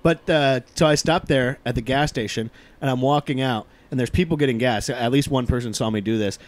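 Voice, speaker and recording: A man's voice: medium pitch, fairly quick, no room sound. Laid-back man telling a story. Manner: laid-back, loose, heavy on "like". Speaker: podcast co-host. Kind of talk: casual storytelling.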